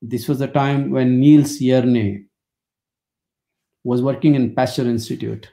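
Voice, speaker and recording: A man's voice: medium pitch, fairly even intonation, slow, gravelly, mellow. A man in his sixties from India, speaking, gives a webinar lecture as wry, anecdotal storytelling.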